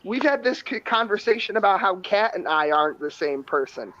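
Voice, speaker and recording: A man's voice: high-pitched, lively intonation, fairly quick, a crowd in the background. A man with a nasal voice, hosting a casual group chat in rambling, profane rants. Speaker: podcast host. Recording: dull lo-fi audio.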